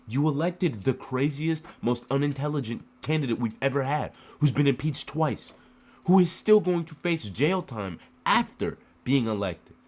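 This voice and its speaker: A man's voice: medium pitch, animated, moderate pace, darkish tone. A man from the United States giving an emotional political rant to the camera, full of rhetorical questions and repeated phrases.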